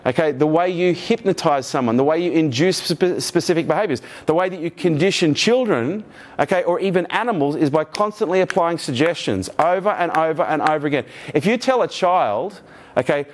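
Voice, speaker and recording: A middle-aged man gives a motivational keynote to a live audience, his voice sitting a little higher than most men's. He talks with energy and swears freely. He keeps turning to the room with questions and jokes. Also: moderate pace. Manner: energetic, profane, jokey, asks the audience questions. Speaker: keynote speaker.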